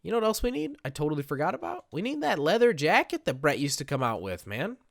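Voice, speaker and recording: A chatty man rambling through casual gameplay commentary, poking fun at himself as he goes. His pitch bounces up and down a lot as he talks. The sound is dry and close, with no room echo. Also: very animated, fast talker. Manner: rambling, chatty, self-mocking. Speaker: gaming video creator.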